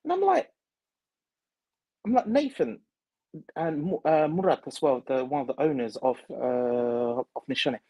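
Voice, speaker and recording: A man, a perfumer, telling a story in an interview, halting with many fillers and restarts. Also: medium pitch, steady tone, warm tone, dry recording, low-quality recording.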